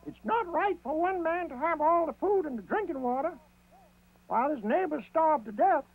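A bold, clever trickster rabbit with a high, squeaky falsetto voice. He rallies and coaxes the other creatures in a rousing tone, and the sound is thin and tinny like an old TV recording. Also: expressive, normal speed.

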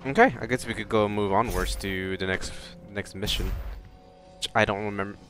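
A man casually commenting on a game he plays, rambling, swearing and bursting out loud. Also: on the low side, steady tone, normal speed, faint music behind. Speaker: let's play host.

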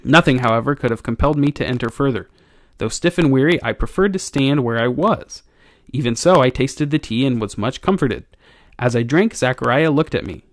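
A man, a teacher, narrating an audiobook chapter for his class in a measured, expressive way. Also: medium pitch, no room sound, clean studio sound.

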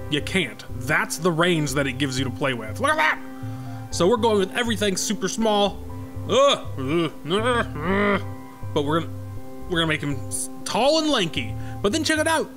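A man giving excitable, sarcastic commentary while playing a golf video game, swinging between high yelps and low mutters. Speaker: gaming YouTuber. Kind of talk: gameplay commentary.

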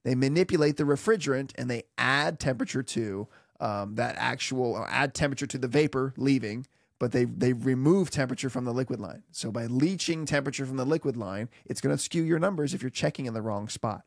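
A man at an ordinary mid pitch teaches refrigeration technology with playful, theatrical asides. His voice sounds dry and close, with no room around it. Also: fairly quick, creaky, no room sound. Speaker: HVAC instructor. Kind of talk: animated technical tutorial.

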